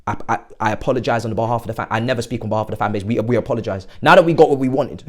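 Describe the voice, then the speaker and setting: A young man, hosting a football fan channel, giddy and excitable, with sudden loud outbursts. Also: medium pitch, very fast, few pauses. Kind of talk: excited fan reaction monologue.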